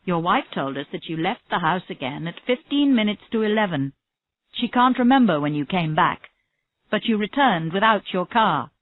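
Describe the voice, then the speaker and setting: A woman reading a calm, persistent female detective. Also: medium pitch, normal speed, no room sound, close to an everyday voice. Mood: probing. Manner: steady, pressing questions. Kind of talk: reading a graded story aloud. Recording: tinny phone-like audio, dry.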